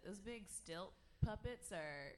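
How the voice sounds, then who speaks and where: A woman's voice: medium pitch, lively intonation, slow, a loud crowd. A woman on a comedy panel, speaking hesitantly and wryly in casual banter.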